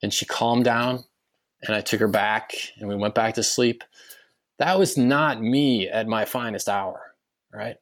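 A man's voice: on the low side, measured pace. A middle-aged man, a podcast guest, telling a personal story in an earnest, emotional way, often repeating his words.

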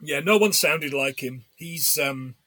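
A man's voice: on the high side, measured pace, sharp tone, slightly rough, no echo. An English man in a casual podcast chat about a film, laughing often as he retells scenes. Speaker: podcast co-host.

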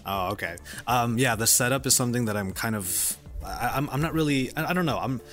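A man hosting a casual tech podcast, talking in a lively way with frequent laughs and restarts. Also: medium pitch, brisk, soft background music. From United States. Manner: lively, laughing, self-correcting. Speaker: podcast host.

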